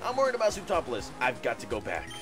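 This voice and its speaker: A man's voice: medium pitch, wildly swooping pitch, very fast. A man reading as an urgent gym leader ally. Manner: urgent, reading game text aloud. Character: earnest adult male gym leader ally. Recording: video game music underneath. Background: game music.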